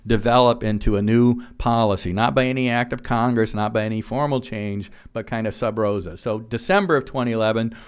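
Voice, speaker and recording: A man giving an earnest policy presentation to a live audience in a room, reading quotes aloud and pausing on frequent fillers. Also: lowish voice, clear, resonant tone. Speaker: policy speaker.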